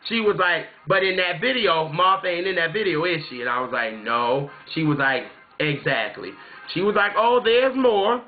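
A man's voice: fairly high pitch, moderate pace, soft background music. A man from South Carolina telling a story casually to his viewers, chatty and rambling, often saying "you know what I'm saying". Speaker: music vlogger. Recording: tinny phone-like sound.

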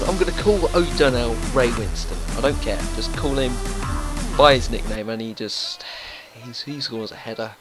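Young man, football game commentary, unhurried delivery, excitable, talks to his players, faint music behind. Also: medium pitch, rough recording. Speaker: gaming YouTuber. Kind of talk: casual gameplay commentary.

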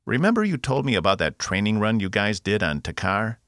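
A man voicing a quick-thinking male crew officer in an audiobook, urgent and low-key. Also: big pitch swings, dry recording, clean studio sound. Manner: hushed, urgent.

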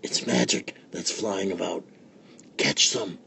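A man reading a storybook aloud, voicing a cruel, scornful stepmother in a shrill, snapping voice. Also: sing-song, measured pace, mellow, slightly rough, full character voice. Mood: muttering. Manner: shrill, snapping, mock-sweet.

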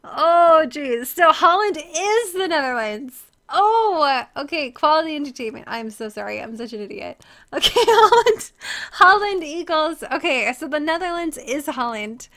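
A woman's voice: sits high, animated, normal speed, pushed and bright. A young American woman streaming live, chatting casually with viewers, giggly, flustered and self-deprecating. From United States.

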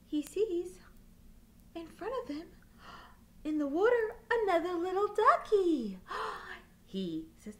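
A woman leading a toddler storytime, reading rhymes with sound effects and hushed asides. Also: high-pitched, big pitch swings, takes it slowly, long pauses. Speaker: storytime leader.

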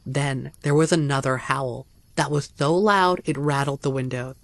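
A man's voice: medium pitch, moderate pace, creaky, a bit bright, no echo. A man reading a first-person horror story aloud as a narrator, tense and dramatic.

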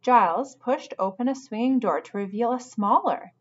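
A woman teacher reading a novel aloud, pausing patiently to guide her listeners. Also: on the high side, expressive, highs cut off. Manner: patient, instructive. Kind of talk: storybook read-aloud with asides to students.

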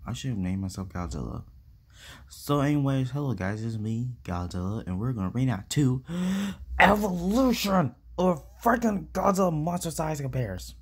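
A man's voice: medium pitch, normal speed, husky. A man playing Godzilla, a boastful grumpy monster. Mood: cheerful. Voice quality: excitable, complaining, exclaiming. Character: boastful grumpy male giant monster lizard. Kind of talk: toy reenactment reaction video.

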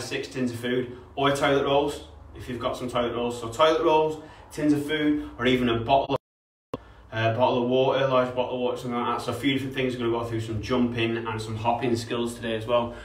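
A man's voice: mid-range voice, a bit bright. A young man running an online PE lesson for kids, upbeat and encouraging, greeting viewers by name. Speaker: kids' PE coach. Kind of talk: live-streamed PE lesson with shout-outs. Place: home room, streamed online. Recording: echoey room, voice from a distance.

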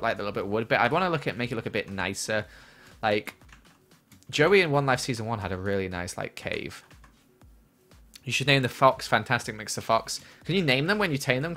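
A man's voice: mid-range voice, bright, forceful tone. A young man streaming a game, chatting casually and answering chat questions from a small room at home. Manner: chatty, reads chat aloud and answers while playing.

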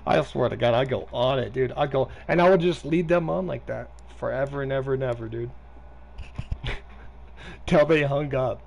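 Chatting to a friend while streaming a game, a man rambles on in a profane, casual manner. He has a mid-range, creaky voice with a darkish tone and talks at a moderate pace.

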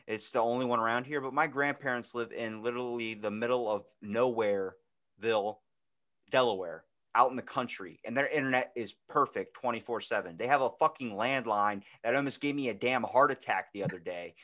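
Animated storytelling young man. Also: medium pitch, fairly quick. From Maryland, US. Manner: animated storyteller, swears freely. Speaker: podcast co-host. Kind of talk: casual chat.

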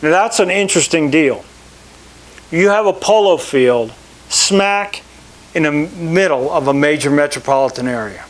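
Middle-aged man, club manager type, animated storyteller, slightly high voice. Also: moderate pace. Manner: animated storyteller, acts out quoted people. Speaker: country club general manager. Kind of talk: anecdotal talk to an audience.

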